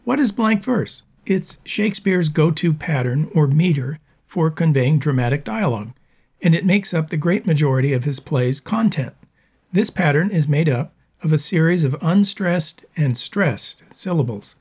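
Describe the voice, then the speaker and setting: Man, scripted lesson narration, husky, fairly high voice, measured. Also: lively intonation, a little mellow. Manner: measured, explanatory reading.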